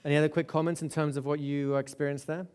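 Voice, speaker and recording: A man's voice: on the high side, level tone, rapid-fire, a little mellow, smooth. A man teaching a live hypnosis seminar in a conversational way, often checking in with "right?" and restarting phrases. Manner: restarts and repeats words. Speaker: hypnosis instructor.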